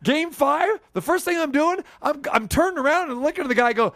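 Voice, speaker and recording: Male radio sports host, animated banter, fairly high voice, close dry mic. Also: fast talker, vocal fry, few pauses, dry recording. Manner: animated, joking, rambling.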